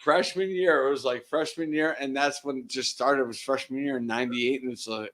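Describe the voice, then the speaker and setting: A man in his forties telling a story in casual chat, animated and swearing freely. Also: mid-range voice, moderate pace. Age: 40s. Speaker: host.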